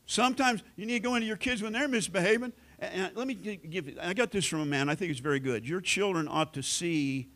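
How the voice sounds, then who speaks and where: A middle-aged American pastor preaching a sermon in a folksy storytelling way, acting out family conversations. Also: male voice, sits high, quick pace, few pauses, a bit bright. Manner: folksy storytelling, acts out quoted family lines.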